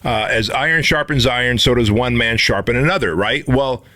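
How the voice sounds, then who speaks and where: Man, middle-aged, podcast co-host, even middle pitch, motivational coaching delivery. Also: moderate pace. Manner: steady, coaching, addresses listeners directly.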